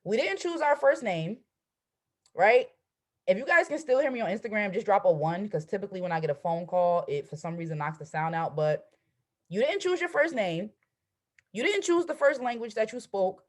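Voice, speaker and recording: A woman in her twenties, a trading coach, hosts a motivational live stream over a video call, speaking emphatically and asking "right?" at every turn. Her mid-range voice has lively intonation and a normal pace.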